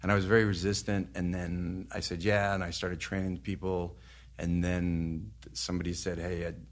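A man's voice: deep voice, level tone, normal speed. A man in his fifties, a trainer guest on a podcast, telling long rambling anecdotes with swearing and laughter. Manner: rambling anecdotes, profane, laughs while talking. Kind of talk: casual podcast storytelling.

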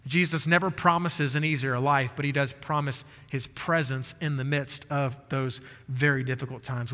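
A male pastor delivers an earnest sermon with emphatic stresses and dramatic pauses. His voice sits a bit high and comes across bright and forceful. A long reverb from a large church sanctuary trails each phrase.

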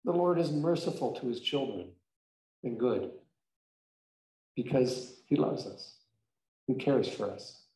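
A man's voice: medium pitch, expressive, takes it slowly, long pauses, dark tone. A male pastor telling a story in a conversational, emphatic sermon. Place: church sanctuary. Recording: echoey church room.

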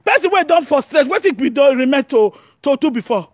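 A Nigerian woman from Edo giving an animated monologue as an online commentator, excitable and often shouting and laughing. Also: sits high, a little fast, no room sound, studio quality.

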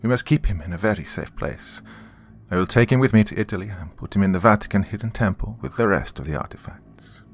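A man's voice: lowish voice, quick pace, close to an everyday voice. A man voicing an Italian male necromancer who gives orders in an urgent, commanding way. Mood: grave.

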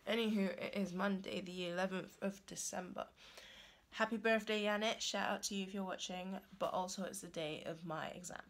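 A young woman, a student, talking casually to the camera in a rambling vlog, with lots of fillers and a rough, hoarse voice. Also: mid-range voice, steady tone, brisk, slight background noise. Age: young adult. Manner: chatty, rambling with many fillers. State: hoarse morning voice. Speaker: student vlogger.

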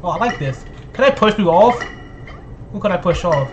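A man hosting his gaming channel, giving excited gameplay commentary full of laughter and teasing trash talk. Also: high-pitched, normal speed, muffled recording, a little hiss or hum.

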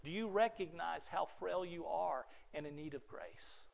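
A middle-aged male pastor with a high, light voice delivers a heartfelt sermon. He speaks earnestly, stumbling and repeating words as he goes, and his voice sinks soft and low before swelling back up. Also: measured pace, vocal fry. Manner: earnest, repeats words, drops to soft near-whispers then rises.

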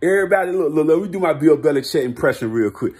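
A man ranting as a vlogger, excitable and boastful, with lots of street slang and frequent laughter. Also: fairly high pitch, fast talker. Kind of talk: sports hot-take rant.

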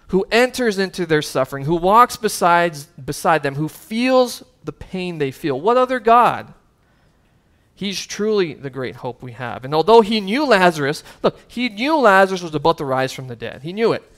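A man's voice: high voice, big pitch swings, normal speed, fairly bright tone. Earnest pastor, man preaching. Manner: earnest, conversational, with fillers and asides. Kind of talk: sermon.

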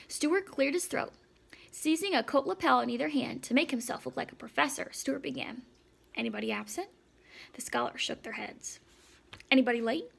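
A woman reading a children's storybook aloud, with a high voice and a strongly gravelly, creaky texture. Her reading is measured and lightly expressive. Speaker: audiobook narrator. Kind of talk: storybook narration.

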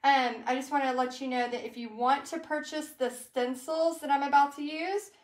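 A woman with a Texas accent, a craft business teacher and livestream host, paints while chatting casually and rambling straight to her viewers. Her voice sits high with fairly even intonation at normal speed. The room is echoey.

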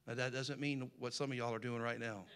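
A man's voice: mid-range voice, little pitch movement, brisk, fairly bright tone. A man preaching a sermon, reading scripture aloud with rising emphasis and slipping in folksy jokes to the congregation. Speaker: pastor.

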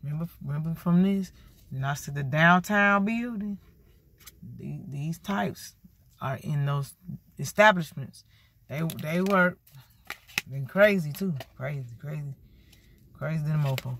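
A woman giving a casual tarot card reading, sassy and animated, talking straight to her viewers. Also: fairly low pitch, unhurried, long pauses. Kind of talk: casual spiritual reading vlog.

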